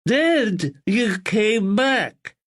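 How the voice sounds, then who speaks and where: A man's voice: high-pitched, big pitch swings, very slow, a bit bright, pitched above the performer's own voice, full character voice. A man voicing an eager, childlike young man with a strange, muffled voice.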